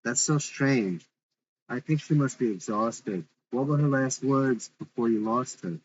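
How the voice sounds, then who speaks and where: A man's voice: mid-range voice, measured pace, lo-fi sound, a little hiss or hum, natural voice. A man reading the part of a concerned woman on the phone, polite and worried.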